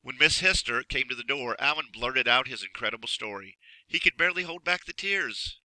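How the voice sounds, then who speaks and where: A man reads a children's story aloud, expressive and measured, pacing every sentence with care. His voice is strikingly bright and sharp, recorded close and dry, with no room sound. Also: medium pitch, no echo, low-quality recording. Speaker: narrator. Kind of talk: storybook reading.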